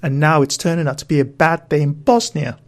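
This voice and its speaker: A man's voice: a little high, fairly even intonation, a little fast, natural voice. A man putting on a Cockney gangster voice, talking throaty and wide-mouthed like a tough guy. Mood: swaggering. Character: swaggering adult male Cockney gangster.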